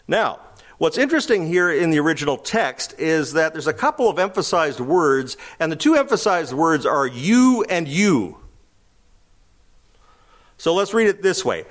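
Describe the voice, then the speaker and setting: A man's voice: fairly high pitch, sing-song, moderate pace. A man preaching a verse-by-verse Bible teaching sermon, asking rhetorical questions and acting out quoted speakers. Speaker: pastor.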